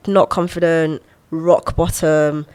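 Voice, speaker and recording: A young woman in her twenties, a podcast guest who talks in an expressive, animated way and laughs often while reflecting on her life. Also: sits low, slow, smooth. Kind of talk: reflective conversational storytelling.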